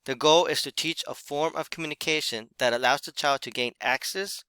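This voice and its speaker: A man giving a recorded class presentation, explaining in a measured way with occasional fillers. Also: on the high side, bright, forceful tone, clear, resonant tone, no room sound.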